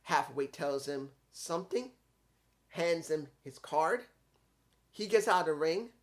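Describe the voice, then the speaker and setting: A man's voice: on the high side, animated, measured pace. A man in his fifties giving a casual, rambling review of a wrestling show, often correcting himself mid-sentence and admitting he could be wrong.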